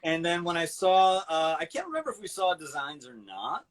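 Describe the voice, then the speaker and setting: A man's voice: fairly high pitch, very animated, brisk, a little hiss or hum, low-quality recording. A man, a voice actor, chatting casually on a video call in a hesitant, rambling way. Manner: rambling, hesitant, many restarts. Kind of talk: casual chat.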